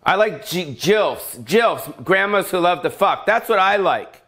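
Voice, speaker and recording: A man's voice: high-pitched, animated, unhurried, sharp tone. A middle-aged male comedian ranting alone, profane and rambling, full of fillers and tangents. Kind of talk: solo comedic rant.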